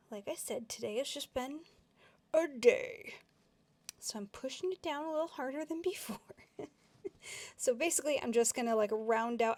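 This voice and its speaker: A woman's voice: fairly high pitch, creaky, darkish tone. A young woman chatting casually through a nail tutorial, giggly and rambling with lots of fillers. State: a bit out of breath.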